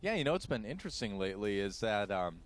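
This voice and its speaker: A man's voice: lowish voice, very animated, fast talker. A man giving analytical color commentary on a strategy game match, chatty and wry. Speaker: esports co-caster.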